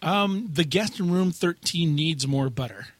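A man's voice: fairly high pitch, lively intonation, normal speed. A man hosting a podcast, chatting casually and teasing his co-host, laughing often. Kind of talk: casual chat.

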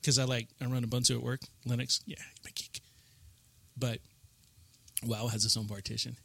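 A man co-hosts a relaxed gaming podcast, talking in a chatty, rambling way. His voice has a bright, forward tone of medium pitch. The studio sound is dry and close. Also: normal speed, creaky, slightly rough, no room sound. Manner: chatty, rambling gamer talk. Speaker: podcast co-host. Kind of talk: casual chat.

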